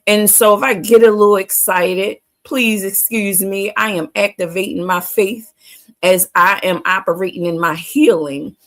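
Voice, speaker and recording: A woman's voice: medium pitch, steady tone, unhurried, fairly bright tone. A woman hosting a motivational livestream, speaking emphatically and repeating catchphrases to her chat. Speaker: livestream host.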